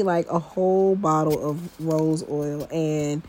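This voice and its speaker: Woman podcast host, low voice, candid and chatty, confiding, young adult. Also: unhurried, darkish tone. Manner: chatty, confiding, talks straight to listeners as "y'all". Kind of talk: casual personal podcast talk.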